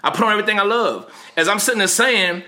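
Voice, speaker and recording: Podcast co-host, man, fast and lively, brightly voiced. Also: high-pitched. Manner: animated, laughing storyteller. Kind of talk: casual storytelling chat.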